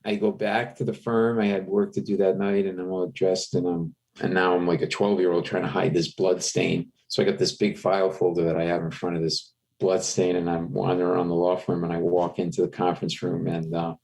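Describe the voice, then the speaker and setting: A middle-aged man, a comedian, telling an animated anecdote in a podcast interview, jumping into raised voices for the people in his story. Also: deep voice, a little fast, hardly any pauses. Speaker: comedian guest.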